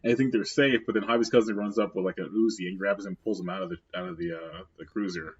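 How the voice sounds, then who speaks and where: A man's voice: lowish voice, steady tone, fast, slightly rough. A man co-hosting a podcast, chatting casually in a laid-back, wry way. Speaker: podcast co-host. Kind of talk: casual chat. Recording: dull lo-fi sound.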